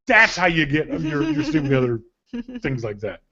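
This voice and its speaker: A fairly high-voiced man hosts a casual gift-guide chat, spinning jokey stories with lively energy. The audio is a bit dull and lo-fi. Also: fairly quick. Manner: joking, animated storyteller. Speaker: podcast host.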